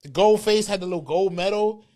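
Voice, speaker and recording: High-voiced man telling a story. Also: a little fast, dark tone. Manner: joking banter, repeats himself. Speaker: podcast co-host. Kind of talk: casual storytelling chat.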